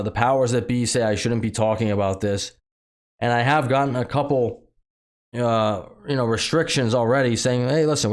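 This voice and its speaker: A man's voice: mid-range voice, darkish tone. Ranting man with a slight lisp. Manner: heated, repetitive, full of fillers. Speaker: channel host commenting on news. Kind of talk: casual ranting commentary.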